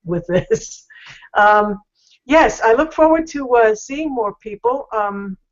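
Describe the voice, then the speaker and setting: A woman speaking in a casual online business chat, halting and earnest, with many pauses and fillers. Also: fairly high pitch, animated. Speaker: panel guest, entrepreneur. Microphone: video call. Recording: muffled video call audio.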